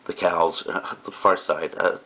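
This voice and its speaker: With fairly even intonation and a bright, forceful tone, a man with a very low, deep voice lectures his class on a recording, going a little slowly. He explains casually, teacher to students, and often pauses for fillers and side comments.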